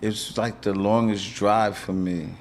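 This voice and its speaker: A man's voice: on the low side, fairly even intonation, measured pace, a little hiss or hum. A middle-aged man with a New York accent, hosting an interview and speaking plainly and with emotion. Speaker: podcast host. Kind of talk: interview conversation.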